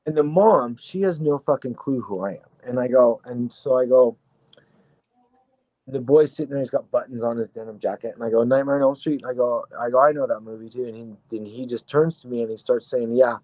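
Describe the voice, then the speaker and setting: A man guest telling a rambling story in a casual, excitable way, swearing freely. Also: mid-range voice, brisk, dry recording, muffled recording. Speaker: guest actor.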